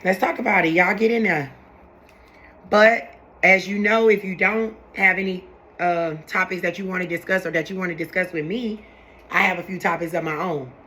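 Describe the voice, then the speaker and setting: A woman's voice: fairly low pitch, steady tone, normal speed, bright, forceful tone. A young woman, chatting casually and animatedly to her viewers, repeating herself as she makes her points. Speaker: vlogger talking to her viewers. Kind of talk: casual live chat to camera.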